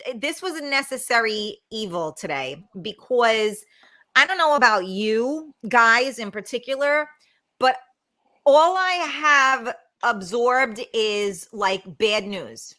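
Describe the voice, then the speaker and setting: A woman's voice: fairly high pitch, expressive, slow pace, bright, forceful tone. A woman hosting a live talk show over a video call, speaking with a regional American accent. She talks bluntly, swears freely and giggles between lines.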